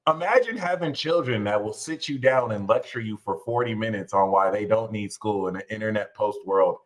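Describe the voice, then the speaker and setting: A man hosting an astrology show, ranting casually and animatedly, swearing and jumping into high mocking voices when quoting others. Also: fairly quick, poor audio. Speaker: astrology channel host. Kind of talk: casual livestream rant.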